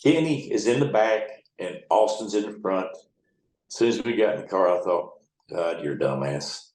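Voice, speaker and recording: A middle-aged riverboat captain spins long, salty anecdotes, blunt and full of cussing. His voice sits low, and the room around him echoes noticeably. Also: normal speed, a little mellow, a little hiss or hum. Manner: blunt and profane, rambling anecdotes. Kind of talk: casual storytelling in an interview.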